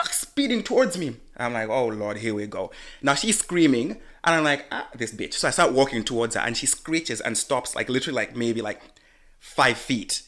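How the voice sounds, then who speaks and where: A young man co-hosts a casual podcast, pitched in the middle range for a man. He tells his story with animated energy and a lot of profanity. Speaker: podcast co-host.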